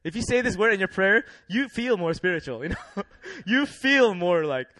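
A young man preaching a sermon in a lively, laughing way, leading the congregation in call-and-response. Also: high-pitched, moderate pace, no room sound.

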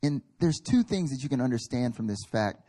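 A man's voice: medium pitch, animated, a little fast, mellow. A male pastor preaching a sermon at a church service, emphatic and building in intensity, acting out little quoted voices.

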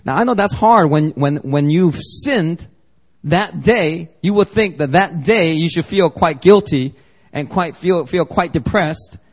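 A man's voice: a little high, unhurried. A man preaching a sermon as pastor, conversational and joking, acting out little dialogues. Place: church service.

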